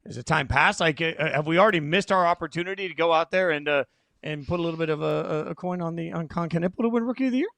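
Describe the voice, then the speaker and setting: A man's voice: on the high side, fast, gravelly, fairly bright tone, no room sound. A man hosting a sports talk show, asking loose questions full of fillers. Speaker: show host.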